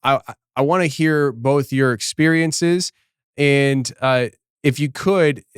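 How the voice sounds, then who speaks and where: Chatty podcast host man, smooth voice. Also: medium pitch, takes it slowly, no echo, clean studio sound. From Philadelphia. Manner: chatty, laughs often, repeats and restarts. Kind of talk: casual interview chat.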